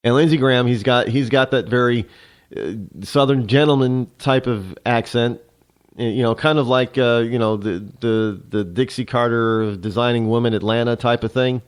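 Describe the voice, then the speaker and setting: A man hosting a talk show, giving a rambling political commentary monologue full of halting restarts. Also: mid-range voice, steady tone, smooth.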